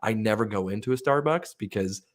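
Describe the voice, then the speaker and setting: A young man co-hosting a casual show, telling stories in an animated way and swearing a lot. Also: fairly low pitch, fairly quick. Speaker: podcast co-host. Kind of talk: casual banter.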